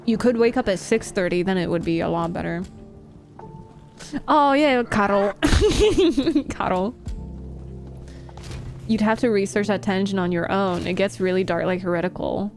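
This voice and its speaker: A woman's voice: mid-range voice, normal speed, creaky, a little mellow, soft background music. A young woman live streamer chatting casually with her audience, laughing often and reacting to chat.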